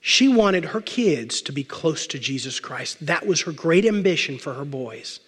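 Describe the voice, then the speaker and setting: A male pastor preaching a sermon, emphatic, stacking repeated phrases and slowing down to stress key words. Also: a little high, sing-song, slightly rough. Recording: long reverb of a large hall.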